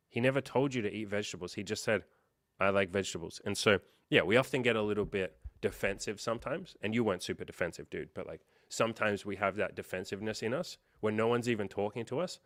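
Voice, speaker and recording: A man hosting a livestream as a life coach, chatting casually and reading out viewer comments, with lots of fillers and quick quoted reactions. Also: fairly low pitch, a bit bright, dry recording, clean studio sound.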